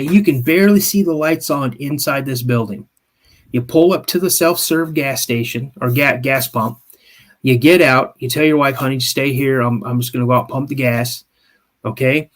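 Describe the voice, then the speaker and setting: A man co-hosting a live podcast, telling an encounter story in the second person with frequent restarts and check-ins. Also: a little high. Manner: animated, builds scenes with second-person storytelling; frequent restarts and repeated "okay?". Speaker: podcast co-host. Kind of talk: live-stream storytelling chat.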